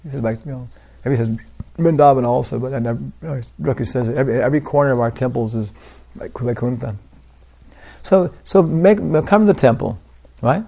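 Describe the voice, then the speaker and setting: An older man giving an informal devotional talk, rambling through anecdotes with lots of "you know" and soft laughs. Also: mid-range voice, a little fast, gravelly. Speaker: preacher.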